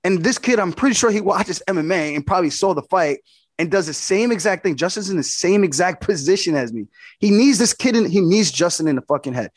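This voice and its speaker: A man's voice: high-pitched, animated, brisk, dry recording, clean studio sound. A man, a fighter being interviewed, telling his fight story in casual talk. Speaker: fighter guest.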